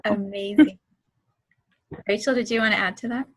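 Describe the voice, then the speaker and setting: A woman hosting a casual chat, effusive and quick to murmur along with her guests. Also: medium pitch, steady tone, fairly bright tone, breathy edge. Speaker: host.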